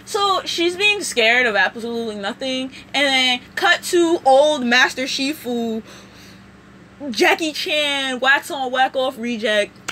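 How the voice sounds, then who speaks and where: Speaking slowly in a high, bright voice, a woman vlogger gives an animated, rambling recap of a show, full of asides. A faint hiss sits behind her.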